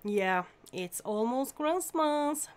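A woman's voice: high-pitched, lively intonation, slow pace, clean tone. A woman from Norway hosting a casual live stream, chatting and greeting viewers by name with frequent laughs.

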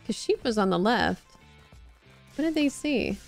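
A woman's voice: fairly high pitch, very animated, a little slow, creaky, soft background music. A woman streaming a party game, chatting playfully and joking about accents. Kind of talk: casual gaming chat.

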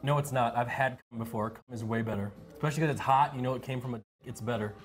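A man's voice: medium pitch, steady tone, fast, soft background music. An American man in his thirties chatting casually on a dinner date, whiny and nervous but joking. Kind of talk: casual chat.

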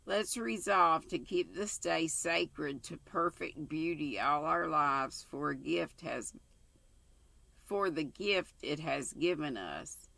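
A woman's voice: low-pitched, animated, slow, creaky, bright, forceful tone, dry recording, exaggerated voice. An older woman reading the lines of an earnest, tender young man in love from a storybook.

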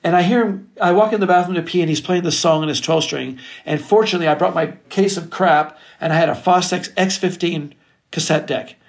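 A middle-aged record producer telling stories in an interview, animated and casual, swearing freely. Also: male voice, high voice, brisk, creaky. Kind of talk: storytelling interview chat.

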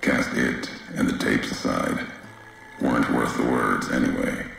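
In a video game, an actor voices a grim, weary wasteland courier, his male voice raspy and deep yet fairly bright in tone. He speaks slowly in clipped, terse sentences, heavily acted and very echoey.

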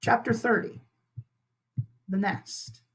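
A teacher reading a children's novel aloud with expressive storytelling. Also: medium pitch, takes it slowly, breathy edge. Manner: expressive storytelling with lively intonation.

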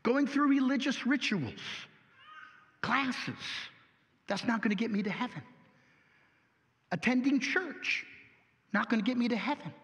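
High-voiced male pastor, lively and folksy in delivery, with long church-hall reverb. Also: measured pace, long pauses, muffled recording. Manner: animated, folksy, rhetorical questions. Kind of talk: sermon.

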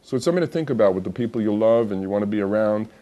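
A man's voice: on the low side, lively intonation, racing, muffled recording. A man hosting a TV health show, talking casually and chatting to viewers. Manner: chatty, laughs through his own joke. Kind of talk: casual TV talk.

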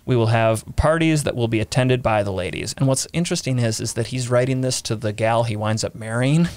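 A man hosting a relaxed history podcast, with a voice of ordinary pitch in a dry, close sound. He reads letter quotes aloud and laughs easily with his co-host. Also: a little fast, no echo. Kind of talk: casual history podcast chat.

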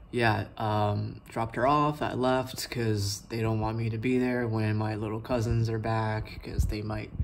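A young adult man vlogging a personal story, talking in a halting way full of likes and ums. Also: on the low side, background noise.

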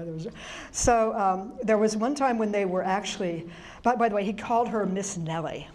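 Middle-aged woman presenter, animated storyteller, talks to a live audience. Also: mid-range voice. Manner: chatty, animated storyteller with many restarts and laughs.

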